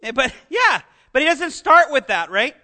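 A middle-aged male pastor delivers a sermon in a lively, conversational way and keeps asking his listeners questions. His voice sits unusually high for a man and sounds very bright and sharp. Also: normal speed. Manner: animated, conversational preaching with rhetorical questions.

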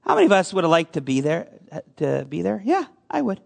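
High-voiced man preaching conversationally. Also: big pitch swings, fairly quick, creaky. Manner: conversational preaching with audience questions. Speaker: pastor. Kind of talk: sermon.

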